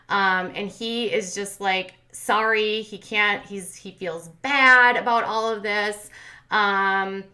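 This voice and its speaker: A woman with a bright, ringing voice talks through a reality show recap in a loose, chatty way. She retells scenes and quotes, full of "like" and "um". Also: medium pitch. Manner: chatty, lots of fillers and retold quotes. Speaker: commentary channel host. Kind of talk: casual recap commentary.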